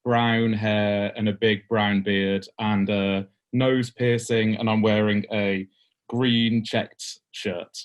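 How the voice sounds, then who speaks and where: A man's voice: on the low side, little pitch movement, slow, dull audio. A man in his twenties briefly describing himself on a video call, hesitant and full of uhs. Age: 20s.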